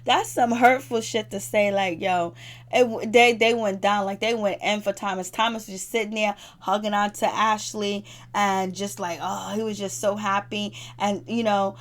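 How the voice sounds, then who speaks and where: A woman's voice: medium pitch, steady tone, moderate pace. A woman giving a casual, chatty recap of a reality TV episode, laughing often and acting out what the cast said. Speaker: TV show reviewer.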